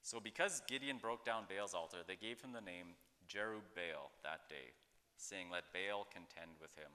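Male pastor, casual devotional talk, bright and sharp, rambling and chatty, reverberant sound. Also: sits low, moderate pace. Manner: conversational, rambling, with many fillers and acted-out quotes. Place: outdoors. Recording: echoey hall-like reverb.

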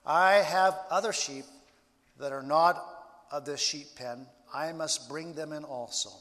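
A man preaching a sermon as a pastor, slow and deliberate with dramatic pauses. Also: fairly high pitch, a bit bright, long reverb tail.

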